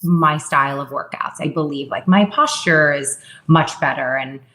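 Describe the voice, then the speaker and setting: In a candid interview, a fitness founder in her thirties speaks as a guest with a low-pitched, slightly bright voice at normal speed. She's open and reflective, and frequently quotes herself in a raised voice.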